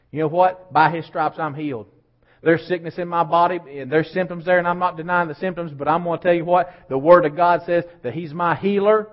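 A man preaching a sermon as pastor, starting low and quiet and building to loud, emphatic preaching. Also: a little fast, highs cut off.

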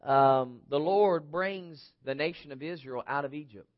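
Casting: male pastor, high register, dynamic sermon delivery with shouted peaks, muffled lo-fi sound. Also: a little slow. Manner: preaching with bursts of shouting and dropping to near whispers; acts out crowd voices in his telling. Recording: dull lo-fi recording.

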